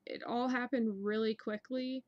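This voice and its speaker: A young woman tells a personal story in a casual, rambling way, full of fillers and restarts. Her voice sits a little high. The sound is dry and close, with no room around her. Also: fairly even intonation, measured pace, no room sound, lo-fi sound. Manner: rambling, many ums and likes. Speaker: dream narrator.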